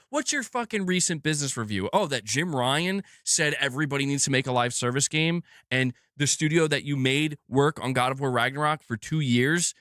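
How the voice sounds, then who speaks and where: Furious high-voiced man ranting. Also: fairly bright tone, no echo, clean studio sound. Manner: swearing, heated, repeats himself. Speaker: gaming news channel host. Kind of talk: angry rant.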